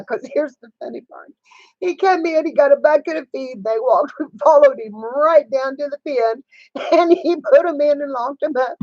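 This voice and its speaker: Older lady chatting on her stream, kinda high voice, dry muffled sound, laughs a lot. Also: a little mellow, no echo. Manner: chatty storyteller who greets viewers mid-story and laughs a lot. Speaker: channel host. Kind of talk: casual livestream chat. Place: home room with sewing setup.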